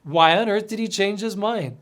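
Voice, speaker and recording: A man narrating a scripted story in the second person, earnest and gently dramatic, often dropping to a soft voice. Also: high voice, normal speed. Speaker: mission storyteller.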